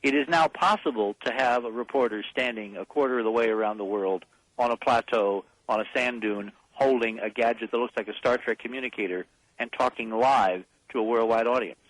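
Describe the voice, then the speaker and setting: A guest on a late-night radio talk show, this man speaks briskly in a mid-range voice, emphatic and insistent as he rallies listeners in impassioned call-in talk. The low-quality recording has no room sound.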